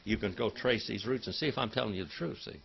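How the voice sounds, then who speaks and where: A man's voice: lowish voice, quick pace, gravelly, dull audio, slight background noise. A man teaching a Bible Hebrew class in a folksy, chatty way, calling on students by name and drilling word meanings. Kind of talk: classroom lecture.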